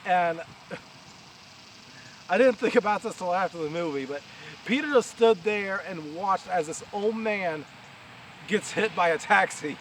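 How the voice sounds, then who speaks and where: A man's voice: high-pitched, animated, a little slow, long pauses. A man with a New York accent giving a casual, rambling spoken review outdoors, with many fillers and restarts, talking over distant heavy machinery. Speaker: vlogger. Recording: outdoor recording with loud machinery noise. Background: distant heavy machinery and traffic.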